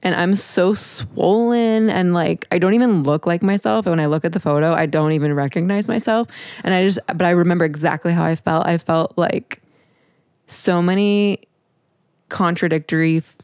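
A young woman hosting a podcast, speaking empathetically and explaining things in a relaxed, chatty way. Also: lowish voice, moderate pace, smooth, dry recording, studio quality. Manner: informative, empathetic, with small restarts. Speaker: podcast host. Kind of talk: casual chat.

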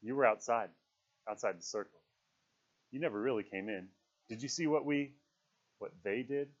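A low, stricken boy's voice, as a man reading aloud puts him on, hushed and haunted by guilt. It is soft and mutters more than it speaks. The recording is dull and lo-fi. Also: moderate pace, lightly acted. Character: shaken, guilt-stricken boy leader.

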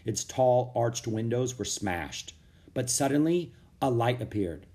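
A man reads a children's chapter book aloud with a lively, rising and falling pitch. His voice sits in an ordinary middle register. He keeps the reading steady and expressive. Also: a little slow. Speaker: audiobook narrator. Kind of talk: storybook read-aloud.

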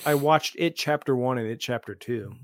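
A man hosting a casual podcast chat, animated and laughing, with the hiccups. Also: normal speed, no echo. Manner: animated, laughing, mimics characters in high voices. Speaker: podcast host.

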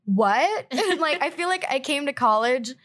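A woman in her twenties co-hosting a podcast, chatting casually and acting out quotes with a lifted, animated voice. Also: high-pitched, normal speed. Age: 20s. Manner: animated, acts out quotes with a raised voice. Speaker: podcast co-host. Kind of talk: casual chat.

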